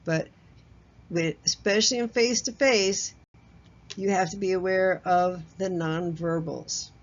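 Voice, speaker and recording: A woman's voice: on the low side, fairly even intonation, unhurried. A woman giving a recorded workplace communication lesson in a conversational way, asking the listener questions and chuckling at herself. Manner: chuckles at herself, loose fillers and restarts. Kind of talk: recorded training lecture. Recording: slightly dull lo-fi audio.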